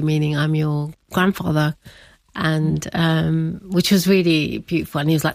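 A woman's voice: low-pitched, fairly even intonation, unhurried, creaky, no room sound. A middle-aged woman telling a personal story as an interview guest, chatty, laughing often and acting out what family members said.

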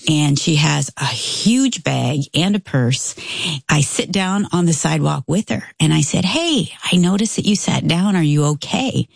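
A woman telling a story in casual conversation, acting out the voices she quotes in an animated way. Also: low-pitched, moderate pace, creaky, husky, no echo, clean studio sound. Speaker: storyteller guest.

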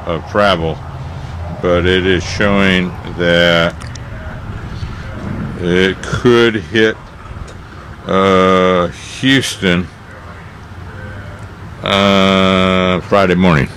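A man co-hosting a radio gardening show in casual chat, talking haltingly with many fillers and restarts. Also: sits low, level tone, fairly bright tone, slight background noise.

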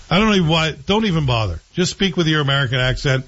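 A man's voice: a little high, animated, quick pace, few pauses, fairly bright tone, highs cut off. A male host chatting casually and with strong opinions, rambling and correcting himself as he goes. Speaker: show host reviewing TV series. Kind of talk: casual chat.

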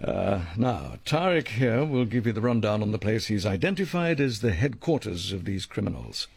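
An actor in a radio drama playing a measured, formal leader of a covert team. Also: male voice, on the low side, expressive, gravelly, breathy edge, no room sound, exaggerated voice.

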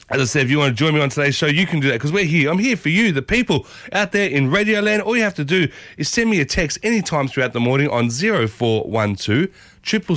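Exuberant Australian radio host, slightly husky. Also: male voice, a little high, a bit bright, no room sound. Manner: exuberant, playful, jokey catchphrases. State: slightly husky from a sore throat. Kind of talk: breakfast radio show hosting. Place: community radio studio. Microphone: studio microphone.

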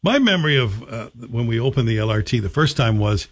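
A man's voice: medium pitch, animated, brisk, no echo, studio quality. A man hosting a talk radio show, asking questions and reflecting in a conversational way. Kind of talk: radio interview.

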